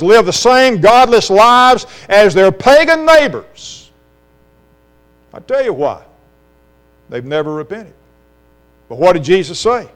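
High, smooth preacher. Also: male voice. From South Carolina. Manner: impassioned preaching with rhetorical questions. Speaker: pastor. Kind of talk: sermon.

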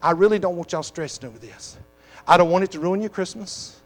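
Man pastor giving a sermon in church, kinda higher voice, hammers the same lines again and again. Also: fairly quick, faint music behind. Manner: emphatic, repetitive exhortation. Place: church sanctuary.

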